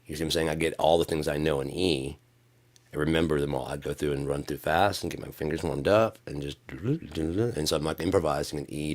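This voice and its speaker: Man, very low voice, live-stream chatter, sarcastic, rambling, bursts of mock anger. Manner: sarcastic, swings into mock-angry yelling. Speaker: streamer and musician.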